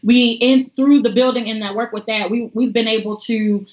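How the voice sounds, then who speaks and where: A woman, a guest on a livestream interview, telling stories in an animated way and laughing often. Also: fairly high pitch, moderate pace, lo-fi sound. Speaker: voting organizer guest. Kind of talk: casual interview storytelling.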